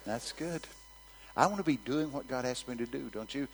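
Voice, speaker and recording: A man's voice: mid-range voice, a little fast, big-room sound, slight background noise, poor audio. A man preaching a sermon, telling stories with animation and calling out to his congregation. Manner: animated storytelling, calls out to the congregation.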